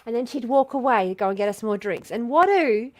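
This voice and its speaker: Loud Australian woman telling wild stories. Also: fairly high pitch, a little fast, no room sound. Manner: loud, profane storytelling that builds to excited shouting. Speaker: podcast co-host. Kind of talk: casual chat.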